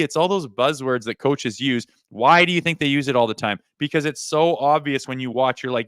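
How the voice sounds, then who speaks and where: A man's voice: medium pitch, fairly quick, few pauses, fairly bright tone, smooth, dry recording. A man who is a former hockey player, talking animatedly on a podcast, swearing freely and acting out players' voices. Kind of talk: casual podcast chat.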